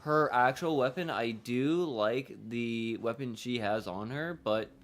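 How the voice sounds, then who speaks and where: A man's voice: mid-range voice, unhurried, a bit bright. Rambling man narrating his gameplay. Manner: rambling, repetitive, with casual swearing. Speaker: gaming streamer. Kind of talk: casual gameplay commentary.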